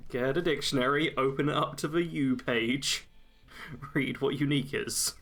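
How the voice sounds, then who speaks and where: A man's voice: mid-range voice, normal speed, a bit bright, faint music behind. A man co-hosting a casual gaming podcast, chatting in a wry, joking manner. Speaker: podcast co-host.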